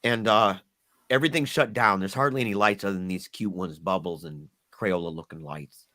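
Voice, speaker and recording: A middle-aged man telling a painful personal story as a podcast guest, earnest and halting, often repeating words as he goes. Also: deep voice, pushed and bright.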